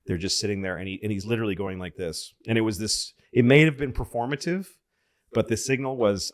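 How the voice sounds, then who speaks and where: A man's voice: lowish voice, brisk. A middle-aged man from Massachusetts telling stories in casual podcast chat, acting out the voices of the people he quotes. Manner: animated storyteller, acts out quoted voices.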